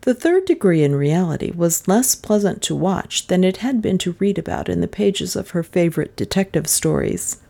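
A woman reading a mystery novel aloud as the narrator, steady and even. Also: fairly low pitch, normal speed, creaky, hardly any pauses. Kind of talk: audiobook narration.

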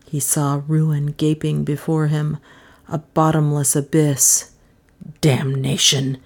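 Woman reading a spooky mystery book, fairly low voice, lots of drama in it. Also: slow pace. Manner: expressive, rising pitch at tense moments. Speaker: audiobook narrator. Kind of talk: dramatic audiobook narration.

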